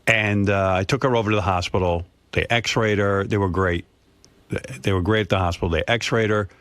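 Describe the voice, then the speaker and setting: A man's voice: on the low side, fairly even intonation, moderate pace, a bit bright, dry recording. Radio guy telling a story, keeps repeating stuff for drama, dry close studio mic. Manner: emphatic, repetitive, dramatic storytelling. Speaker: radio show host. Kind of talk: casual talk radio storytelling.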